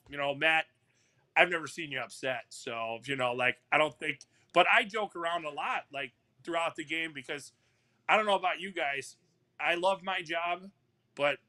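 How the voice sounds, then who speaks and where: A hockey referee tells a story on a live talk show, rambling casually with lots of "you know" fillers and restarts. His voice is on the high side, bright and forceful.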